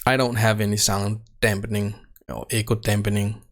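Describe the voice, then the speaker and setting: Fairly low in pitch and flat in delivery, a man who hosts a tech channel talks through his recording setup in a relaxed how-to walkthrough. He speaks close into a desk microphone in an untreated home room, halting frequently with fillers and restarts.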